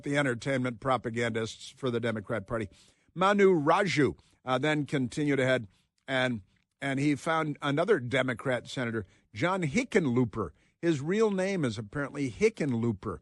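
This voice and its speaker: A man hosting a talk radio show, delivering combative, sarcastic commentary with frequent halting restarts. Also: on the high side, dry recording, clean studio sound.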